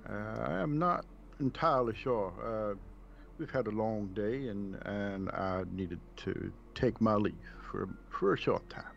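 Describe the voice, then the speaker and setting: A man voicing a courteous, formal gentleman adventurer in a tabletop role-play. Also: fairly low pitch, measured pace, creaky, lo-fi sound, a little hiss or hum. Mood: polite. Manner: formal, stately phrasing.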